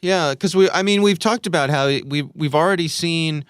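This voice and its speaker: A man co-hosting a podcast in casual chat, lively and joking around. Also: on the high side, moderate pace, clear, resonant tone, no room sound, studio quality. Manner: lively, chatty, jokes around. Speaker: podcast co-host.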